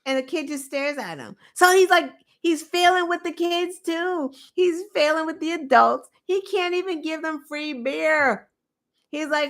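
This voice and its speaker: A woman host giving opinionated political commentary, indignant and animated, with mocking asides. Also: high voice, unhurried.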